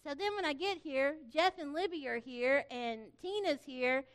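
High-voiced, animated middle-aged woman. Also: a little slow. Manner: animated storytelling, acting out quoted voices; folksy, earnest. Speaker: church camp organizer thanking volunteers. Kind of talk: informal church address.

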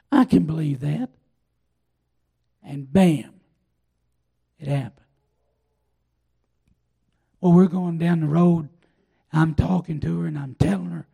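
An older man preaching a sermon, telling a personal testimony in a folksy, drawn-out way. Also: fairly high pitch, steady tone, gravelly, warm tone, husky. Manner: folksy storytelling, drawn-out pauses. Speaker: pastor.

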